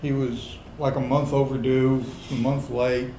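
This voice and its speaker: A middle-aged man telling a comic personal story on a pub stage to a live audience, building to loud indignant outbursts. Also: medium pitch, little pitch movement, measured pace, reverberant, slight background noise, rough recording.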